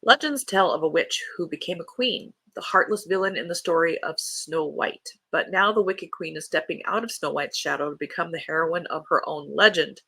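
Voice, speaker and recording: Gravelly, bright-voiced book podcast host. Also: mid-range voice, normal speed, hardly any pauses, dry recording. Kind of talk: casual chat and reading book blurbs aloud.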